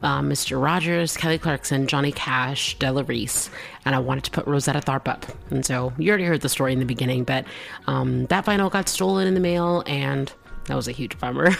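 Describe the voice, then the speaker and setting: Woman, podcast host, casual solo chat, bubbly, laughs often, creaky voice. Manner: bubbly, chatty, laughs often, high excited spikes.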